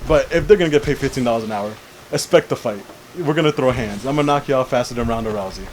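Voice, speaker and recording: A man's voice: mid-range voice, fast talker, darkish tone, slight background noise, rough recording. A young man co-hosting a casual chat show, telling a long rambling story and often saying "how you call it". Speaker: podcast co-host.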